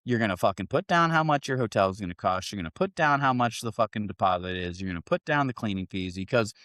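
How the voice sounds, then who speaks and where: A middle-aged man hosting a podcast, telling a story in a profane, animated, casual way. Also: fairly low pitch, fast, no room sound. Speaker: podcast host. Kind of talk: casual chat.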